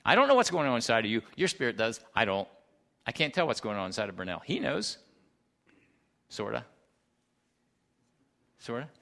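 A man preaching a sermon, emphatic, swinging between loud declarations and hushed asides and asking the congregation questions. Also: mid-range voice, very animated, moderate pace, creaky, pauses often. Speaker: pastor.

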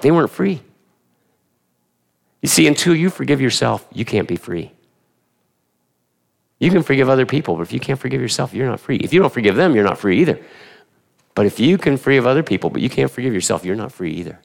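In church, a male pastor delivers an emphatic, animated sermon, hurling rhetorical questions at the congregation and repeating his key phrases. His mid-range voice is brisk and creaky, and he pauses often.

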